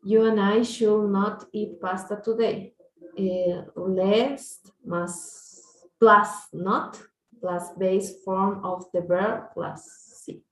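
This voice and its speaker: A woman's voice: mid-range voice, steady tone, drawn-out words. A woman learning English in an online lesson, reading aloud hesitantly with many fillers over a video call. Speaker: English student. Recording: echoey, far from the mic.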